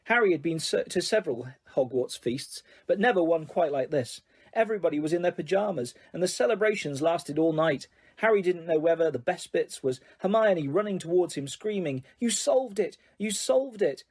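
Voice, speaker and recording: A man narrating a fantasy audiobook in a calm, steady reading voice with a breathy tone. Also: on the high side, brisk. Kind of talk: storybook narration.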